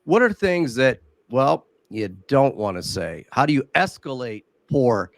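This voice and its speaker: A man's voice: mid-range voice, big pitch swings, measured pace, dry recording. A man co-hosting a casual podcast conversation, talking in an easygoing way and often repeating words as he thinks aloud. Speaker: podcast co-host.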